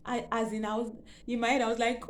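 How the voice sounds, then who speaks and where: A woman's voice: fairly high pitch, little pitch movement, fast talker. A woman vlogger telling her own pregnancy story in a rambling, emotional way, full of fillers and repeats. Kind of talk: personal storytelling.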